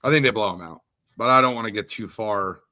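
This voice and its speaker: A man hosting a livestream draft watch party, hyped and talking quickly, shouting out guests and asking viewers to share. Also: lowish voice. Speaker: host. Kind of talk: energetic livestream chat.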